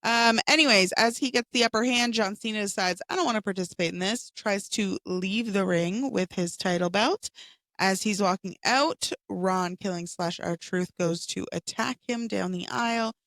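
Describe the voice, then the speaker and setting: Raspy, hoarse woman podcast co-host. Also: mid-range voice, a little slow, fairly bright tone, dry recording. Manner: chatty recap of wrestling storylines. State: hoarse from a cold. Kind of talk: casual chat.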